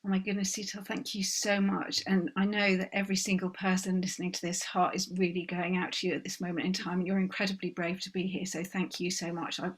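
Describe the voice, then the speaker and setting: A woman hosting a book launch discussion, thanking the guest slowly and gently. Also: fairly low pitch, level tone. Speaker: host.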